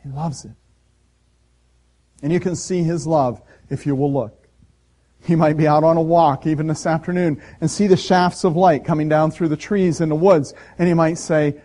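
Male pastor, sermon, emphatic and conversational, slightly higher-pitched voice. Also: fairly even intonation, normal speed. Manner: emphatic, swinging from loud to soft; conversational storytelling.

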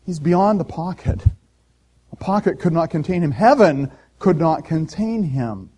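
A male pastor preaching a sermon in a conversational, storytelling way, swinging from loud emphasis to soft quiet. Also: medium pitch.

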